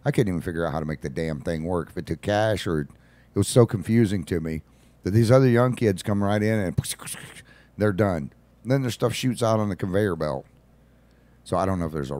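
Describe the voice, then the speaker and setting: Deep-voiced man chatting on radio. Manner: animated storytelling, acts out quotes. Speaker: radio show co-host. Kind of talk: casual radio chat.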